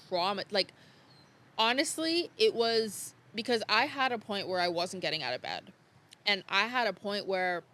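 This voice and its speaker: A woman's voice: medium pitch, bright, forceful tone. A young woman guest on a podcast, telling her story frankly and casually, swearing freely and laughing off hard memories. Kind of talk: candid conversational storytelling.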